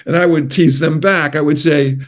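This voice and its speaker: An older man with a New York accent tells stories in a casual interview. His voice sits a little high for a man. He rambles from one anecdote to the next and often corrects himself mid-sentence. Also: fairly even intonation, normal speed. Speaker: guest, retired physician.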